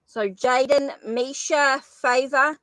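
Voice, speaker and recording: Her voice sits high, fairly bright and steady in tone, as she speaks slowly on a live tarot stream, typing viewers' names while apologizing and thinking aloud casually. She points out her funny accent. The recording is rough, with no echo.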